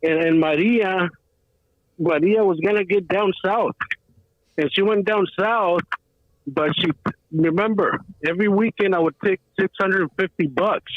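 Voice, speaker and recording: A man's voice: high voice, unhurried, no room sound. A man calling into a show, telling a story in a rambling, slangy way, saying bro a lot. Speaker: caller. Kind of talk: casual storytelling. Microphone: phone call. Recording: tinny phone line.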